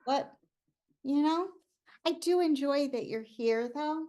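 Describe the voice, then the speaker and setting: A woman in a live improv scene, playing a shy, easily stressed woman who wants quiet, speaking hesitantly with trailing phrases. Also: sits high, slow. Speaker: improv performer.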